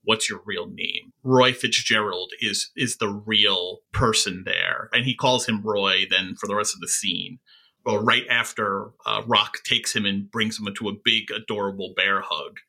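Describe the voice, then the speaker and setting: A man co-hosting a podcast, talking through a TV episode in a thoughtful, halting way with frequent fillers. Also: on the low side, steady tone, sharp tone. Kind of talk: casual recap discussion of a TV episode.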